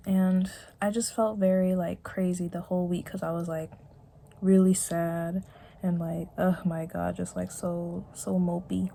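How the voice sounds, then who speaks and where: A young woman vlogging reflectively from her bedroom, talking softly and haltingly with many fillers and restarts. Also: lowish voice, flat delivery, creaky. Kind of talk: reflective personal vlog.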